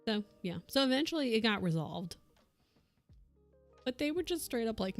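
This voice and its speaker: A woman's voice: on the high side, big pitch swings, moderate pace, long pauses, soft background music. A young woman streamer chatting casually while she crafts, telling a rambling story and laughing often. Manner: laughs often, rambling anecdote with acted quotes.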